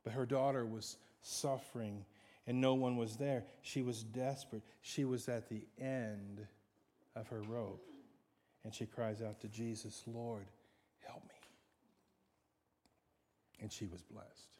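Slow dramatic preacher in a hall. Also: male voice, medium pitch, fairly even intonation, slight background noise. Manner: dramatic, swings from loud to hushed. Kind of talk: sermon. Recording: long hall reverb.

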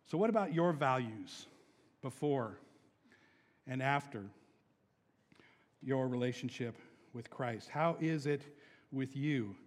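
A young adult man preaching a sermon as pastor, animated, moving between hushed scripture reading and loud, laughing emphasis. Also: medium pitch, measured pace, pauses often, big-room sound.

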